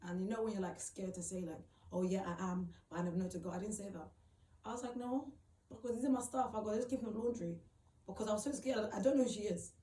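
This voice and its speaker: A woman's voice: mid-range voice, mellow. Emotional woman recalling hard times. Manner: halting, repeats phrases, many fillers. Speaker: vlogger telling her own story. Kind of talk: emotional personal storytelling. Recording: roomy, distant mic, faint background noise.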